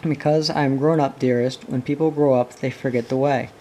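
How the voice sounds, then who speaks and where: A tender, wistful grown mother from a storybook, voiced by a man reading aloud. The voice is mellow and dark in tone, soft rather than showy. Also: mid-range voice, steady tone, a little fast, slight background noise, close to an everyday voice, poor audio. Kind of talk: audiobook reading.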